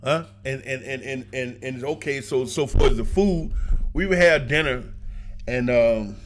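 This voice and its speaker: A man casually telling stories and giving advice to his viewers, colloquial and animated, laughing often as he talks. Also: mid-range voice, a little slow, noisy background. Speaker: vlogger giving travel advice. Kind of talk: casual storytelling monologue.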